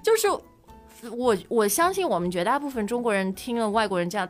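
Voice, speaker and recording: A woman's voice: fairly high pitch, big pitch swings, quick pace, faint music behind. A woman from China hosting a casual chat, switching between Mandarin and English, with a Chinese accent. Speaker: podcast host.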